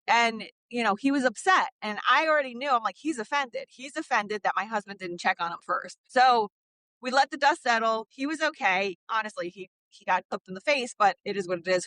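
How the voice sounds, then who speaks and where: Woman, 30s, podcast host; bright voice, dry close recording, candid chatty storyteller. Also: medium pitch, no echo, rough recording. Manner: chatty and candid, with frequent "like" fillers; acts out quoted dialogue in animated bursts. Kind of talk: casual storytelling monologue.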